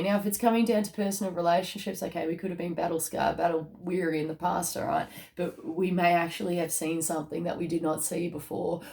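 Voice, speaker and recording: Woman, card reader, fairly low voice, chatty and emotional, keeps checking in with her listeners. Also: dark tone. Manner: chatty, tags lines with "okay?" and "all right?"; emotional, easily moved. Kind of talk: casual spiritual card reading to camera.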